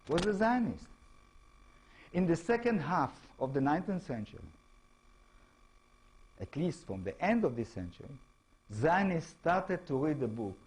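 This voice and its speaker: Israeli guy giving a talk, kinda husky, voice swoops up and down a lot, halting english, keeps asking "no?". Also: fairly high pitch, darkish tone, low-quality recording. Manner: halting non-native English, frequent tag questions. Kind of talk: lecture to an audience.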